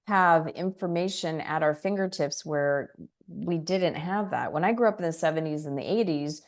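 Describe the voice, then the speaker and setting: Animated storytelling woman, lower voice. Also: moderate pace. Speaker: guest, spiritual teacher. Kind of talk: casual interview chat.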